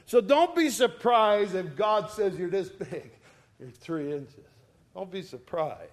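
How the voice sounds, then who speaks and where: Slow emphatic preacher man. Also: on the high side. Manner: slow, emphatic, rising and falling in volume for emphasis; reads scripture aloud and explains it. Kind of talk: sermon.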